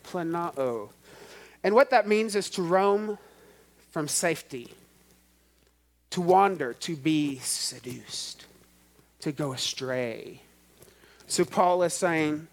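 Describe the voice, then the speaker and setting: A man preaching a sermon in a church, stretching out key words and swelling with emphasis. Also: high-pitched. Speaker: pastor.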